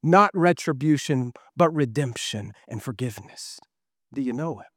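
A man's voice: medium pitch, animated, normal speed, dry recording, clean studio sound. A middle-aged man preaching a sermon as pastor, earnest and full of rhetorical questions.

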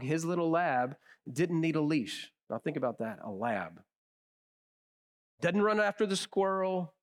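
A male pastor preaching a sermon, telling stories with emphasis and dropping to a hush on key phrases. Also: a little high. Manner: animated storyteller.

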